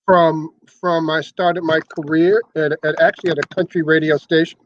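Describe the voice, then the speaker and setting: A man's voice: fairly high pitch, level tone, moderate pace, lo-fi sound, a little hiss or hum. An older man talking as an interview guest about his long radio career, explaining at length and often repeating words as he restarts. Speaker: interview guest, former radio sales manager. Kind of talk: conversational interview.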